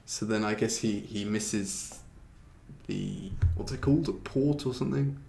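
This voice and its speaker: British man, casual teacher, lowish voice, fumbles and restarts mid-sentence, roomy echoey recording. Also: a little slow, vocal fry, mellow, soft background music. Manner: chatty, searches for words with many restarts; laughs at himself. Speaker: English teacher. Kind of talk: casual language lesson. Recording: roomy echo.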